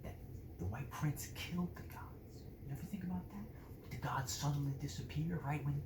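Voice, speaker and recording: A man's voice: on the high side, expressive, moderate pace, lightly acted. Man doing a rumor-loving gossipy guard. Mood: wondering. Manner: speculative, rambling. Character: curious gossiping male guard who loves rumors. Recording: roomy echo, faint noise.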